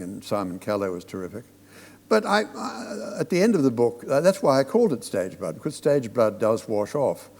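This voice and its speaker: A man's voice: mid-range voice, gravelly, a little mellow, big-room sound. An older man, a stage director, telling reflective anecdotes as a guest in a live conversation on a theatre stage. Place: theatre platform before an audience.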